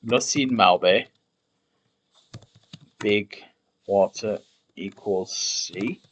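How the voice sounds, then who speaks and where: A man with a fairly low voice talks through his work at an unhurried, drawn-out pace. He mutters, trails off and repeats words under his breath as he tries them out, typing as he thinks aloud on a stream. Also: fairly bright tone. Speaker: conlang streamer.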